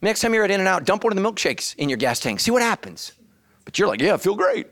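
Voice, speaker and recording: A middle-aged man, a pastor, preaching an animated comic sermon full of storytelling, shouts and acted voices. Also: sits high, fast talker, no echo, clean studio sound.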